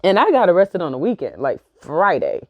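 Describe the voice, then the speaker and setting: A woman, telling a personal story in a casual, slangy, profane and animated way. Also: on the low side, a little fast, no room sound, narrow, tinny audio. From New York. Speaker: vlogger.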